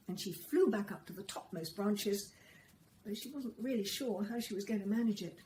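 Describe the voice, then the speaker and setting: A woman reading a children's story aloud, in a gentle, expressive storytelling manner. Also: mid-range voice, normal speed, slight background noise, rough recording.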